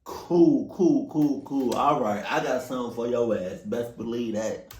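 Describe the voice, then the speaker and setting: A man reacting to a video with loud, profane outbursts and low muttered asides. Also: unhurried, roomy sound, slight background noise. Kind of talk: casual reaction commentary.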